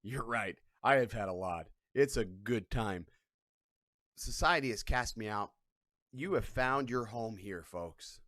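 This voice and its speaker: A man's voice: fairly low pitch, animated, unhurried, a bit bright, no room sound, studio quality. Profane, rambling male stream host. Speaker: livestream host. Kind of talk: casual live-stream chat with viewers. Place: on a couch at home.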